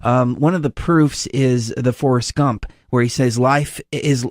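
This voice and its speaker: A man hosting an interview show, chatting casually and telling rambling stories in an animated way. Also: mid-range voice, fairly quick, few pauses, no room sound, clean studio sound. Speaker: host.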